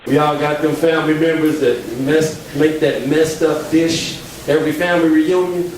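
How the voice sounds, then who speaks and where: A man's voice: on the high side, steady tone, moderate pace, darkish tone, a little hiss or hum. A man performing stand-up, telling his story in a stammering, exasperated way. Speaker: stand-up comedian. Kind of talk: stand-up comedy set. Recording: very echoey venue from far off.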